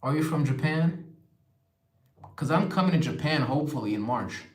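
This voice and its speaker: A man's voice: a little high, expressive, normal speed. A young man hosting a casual livestream, reading viewer comments aloud and replying in a chatty way. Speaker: livestream host. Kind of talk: casual live-stream chat. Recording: echoey room.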